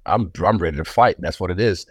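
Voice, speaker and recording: A man with a low voice, recorded dry and close, chatting as a guest in a casual interview. He talks in a laid-back, swaggering way. He now and then acts out other people's lines. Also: fast, breathy edge, dry recording. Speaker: guest fighter.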